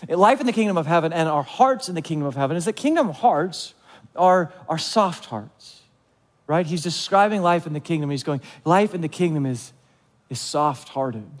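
High-voiced pastor preaching in a reverberant church. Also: male voice, expressive, normal speed. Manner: conversational, asks the audience questions; acts out quoted voices of listeners. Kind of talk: sermon.

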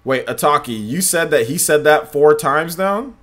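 A man streaming gameplay live, talking to his chat in an animated, repetitive way. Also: on the high side, moderate pace. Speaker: gaming livestreamer.

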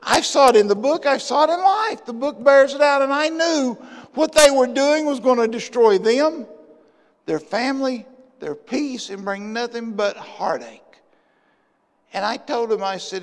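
A man, a pastor preaching a sermon with passion, swinging from loud bursts to hushed asides, in a church sanctuary. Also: very high voice, animated, a little slow. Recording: long church hall reverb.

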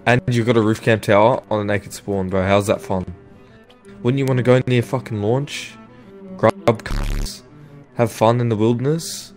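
A man's voice: on the low side, steady tone, moderate pace, a little mellow, faint music behind. Taunting man on voice chat. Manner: taunting, scornful. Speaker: game player on voice chat. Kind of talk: mocking in-game voice chat.

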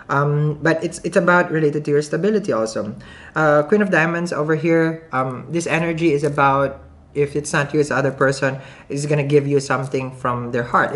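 Giggly woman reading tarot, foreign accent. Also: low-pitched. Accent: non-native English accent. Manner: chatty, giggly, thinks aloud with many restarts. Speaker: tarot reader. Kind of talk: casual tarot reading to camera.

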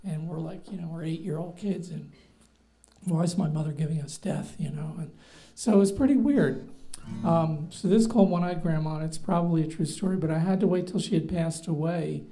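A man's voice: fairly high pitch, a little fast, dark tone, low-quality recording. A middle-aged man from New Jersey with a light North Jersey accent, telling rambling, self-deprecating stories between songs at a live show. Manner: wry, rambling storyteller with self-deprecating asides. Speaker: doctor and singer-songwriter on stage. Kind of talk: stage banter between songs. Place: live music venue. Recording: guitar faintly behind.

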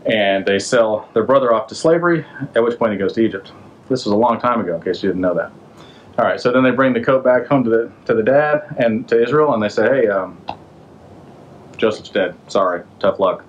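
A man's voice: mid-range voice, muffled recording, slight background noise. A man hosting a podcast, retelling an old story in a casual, slangy way and throwing in rhetorical questions. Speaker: podcast host.

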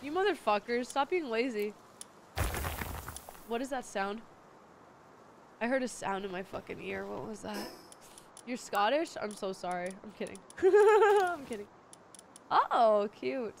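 A woman streamer chatting casually and profanely while gaming, with a sore throat, excitable and squealing over cute things. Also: a little high, unhurried, vocal fry, pauses often, slight background noise.

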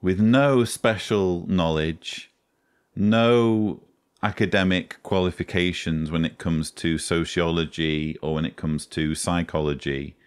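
A man giving slow, sarcastic, critical commentary on a video he is reviewing. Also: fairly low pitch.

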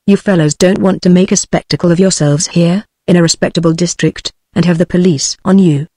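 A text-to-speech British-accented woman voicing a genteel man in a story, in flat synthetic tones. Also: on the low side, brisk, dry recording, clean studio sound, natural voice. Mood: reasonable. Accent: British English.

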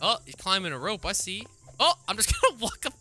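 A man giving playful, deadpan commentary while playing a video game as a gaming YouTuber. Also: high voice, brisk, a little hiss or hum.

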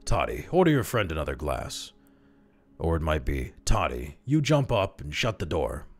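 A coarse, bullying rogue from an old horror story, as a man reading aloud puts him on. His voice is extremely low and his manner is crude and mocking. He lords it over everyone in the room. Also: sing-song, moderate pace, heavily acted. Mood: taunting. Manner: taunting, crude, overbearing. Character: coarse, vulgar small male rogue, bullying.

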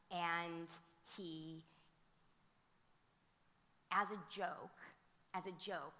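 Female panelist, bright tense voice, animated storyteller, long reverb from the museum auditorium. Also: deep voice. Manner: animated, frequent fillers and restarts. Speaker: teacher and theater director speaking on a panel. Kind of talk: conversational storytelling at a conference. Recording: reverberant hall sound.

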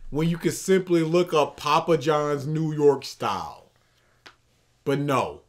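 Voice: medium pitch, takes it slowly. A co-host in casual commentary chat, mocking the person discussed and slipping into impressions of him.

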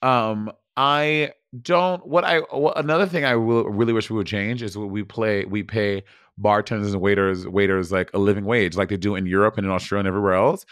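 A man's voice: lowish voice, fairly even intonation, brisk, a bit bright, clean tone, no echo, studio quality. A man co-hosting a podcast in loose, joking casual chat. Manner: loose, joking, full of fillers and restarts. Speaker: podcast co-host.

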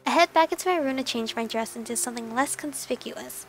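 A woman's voice: high-pitched, fast talker, soft background music. A young woman reading a romance visual novel aloud as let's play narration, breaking off for gushing asides.

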